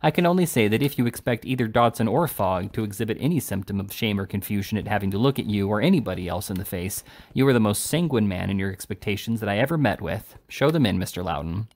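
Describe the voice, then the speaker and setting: A man reading aloud and voicing a shrewd, fussy little lawyer who speaks quickly and jumps high on his key words. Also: lively intonation, darkish tone. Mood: brisk.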